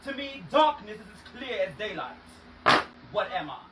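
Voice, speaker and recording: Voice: medium pitch, big pitch swings, normal speed, far from the mic, close to an everyday voice. A performer voicing a mysterious, teasing Wonderland creature who speaks in riddles and purrs darling. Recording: roomy sound from off-mic with clear noise.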